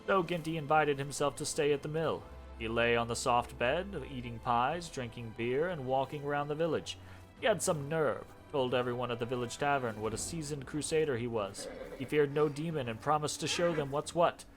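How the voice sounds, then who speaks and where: A man reading in-game lore aloud as a storyteller, expressive, with casual asides between passages. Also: medium pitch, moderate pace, soft background music. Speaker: gameplay narrator.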